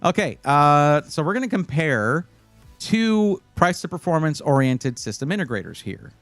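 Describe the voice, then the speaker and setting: A man with a voice on the high side and a sing-song, somewhat bright delivery talks at a moderate pace, with no echo and soft background music. He hosts a casual livestream, reading viewer comments and giving computer buying advice in a rambling, playful manner, restarting phrases and teasing the chat.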